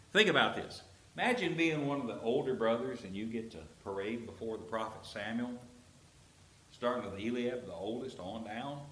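A male pastor preaching a sermon, telling a Bible story with lively acted-out quotes. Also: medium pitch. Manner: animated storytelling, acts out quoted characters. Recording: roomy echo.

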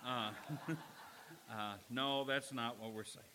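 A man's voice: medium pitch, fairly even intonation, measured pace, sharp tone, slight background noise, rough recording. A man preaching a sermon as pastor, telling stories and building to emphatic warnings. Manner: storytelling preacher, rising to emphatic exhortation.

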